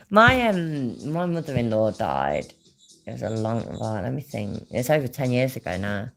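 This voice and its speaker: A woman's voice: very deep voice, darkish tone. A woman hosting a livestream, chatting casually, swearing and laughing as she drinks. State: drinking while talking. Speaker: livestream host. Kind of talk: casual chat.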